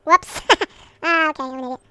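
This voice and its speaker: A man's casual gameplay commentary sped up into a chipmunk voice, chattering with excited outbursts. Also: very high-pitched, fairly quick, pitched above the performer's own voice, full character voice.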